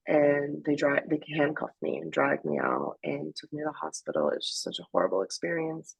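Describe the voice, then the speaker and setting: Woman, gravelly, husky, dry close sound, halting personal testimony, frequent restarts. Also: low-pitched, darkish tone, dry recording, rough recording. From Afghanistan. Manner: emotional, halting with many fillers and restarts. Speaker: interview guest.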